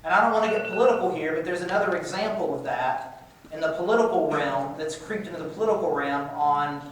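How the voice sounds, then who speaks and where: A man gives a casual classroom lecture, his voice on the higher side, talking loosely and often restarting his sentences. He is picked up from a distance in a strongly echoing room. A faint hiss sits under the recording. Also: quick pace. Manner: conversational, with frequent restarts and repetitions. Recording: echoey room, far-off mic, faint hiss.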